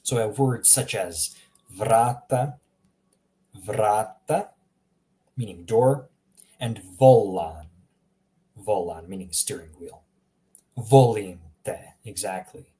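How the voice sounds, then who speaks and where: A man's voice: fairly low pitch, dark tone. A man teaching pronunciation in a live online lesson, patiently repeating each word and answering viewers. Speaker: language teacher.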